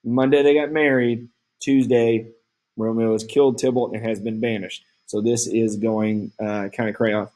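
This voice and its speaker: A man casually explaining a play between readings, at home, with relaxed fillers. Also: on the low side, normal speed, rough recording. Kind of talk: reading aloud with commentary.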